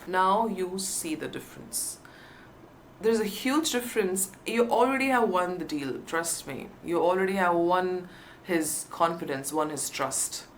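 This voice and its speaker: A woman's voice: fairly low pitch, a little hiss or hum. A woman coaching viewers on job interviews in an emphatic, encouraging way. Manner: emphatic, stresses key words, upbeat encouragement. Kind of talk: teaching to camera.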